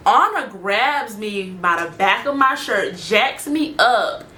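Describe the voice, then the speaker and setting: A woman's voice: medium pitch, expressive, slow pace, pushed and bright, slight background noise. A young woman telling a story in casual chat, slangy and talking straight to her viewers. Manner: chatty, slangy, addresses viewers directly. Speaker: storyteller vlogger.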